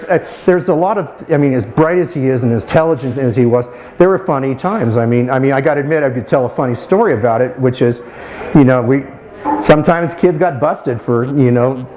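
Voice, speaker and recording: A man's voice: medium pitch, dark tone. A man in his fifties answering interview questions as a former student, talking fondly with many restarts and fillers. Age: 50s. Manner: halting, with many restarts and "you know" fillers; fond, admiring. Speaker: alumnus interviewee.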